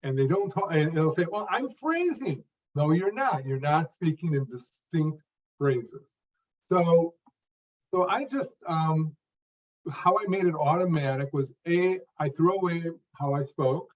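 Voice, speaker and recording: A man's voice: on the high side, a little slow, distant mic, dull audio. An older man explaining how he learned to speak, talking in distinct phrases and stressing a word near the end of each. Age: 50s or older. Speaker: stuttering coach and guest. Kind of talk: interview answer, explaining his method.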